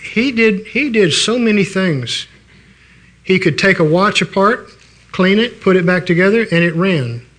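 A man's voice: sits high, expressive, measured pace, fairly bright tone. An older man preaching a sermon in a folksy, conversational way, telling stories and restarting his sentences.

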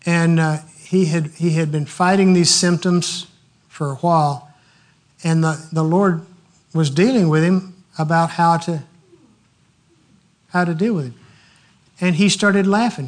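Male preacher, high-pitched, animated storyteller who laughs heartily through his sermon. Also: measured pace.

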